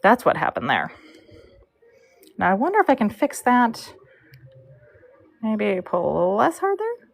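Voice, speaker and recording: A woman's voice: on the high side, wildly swooping pitch, unhurried, creaky, pauses often. A woman live-streaming as she braids hair, telling a rambling story in a chatty way, full of fillers and asides about her work. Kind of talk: casual storytelling while working.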